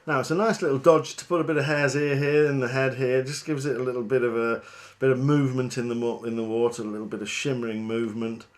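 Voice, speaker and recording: A man, working as a fishing guide, talking through a fly tying demonstration in a chatty, relaxed, self-deprecating way. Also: mid-range voice, fast talker, hardly any pauses.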